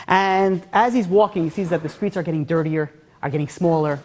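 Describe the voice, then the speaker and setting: Man, rabbi, storytelling, animated, rapid delivery. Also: on the high side. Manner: animated, conversational. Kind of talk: storytelling talk.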